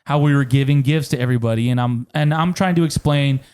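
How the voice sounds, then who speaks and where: Talking fast in a clear, resonant mid-range voice, a man co-hosts a podcast and trades funny stories in relaxed chat. He laughs often, swears a lot, and tells his tales with animation.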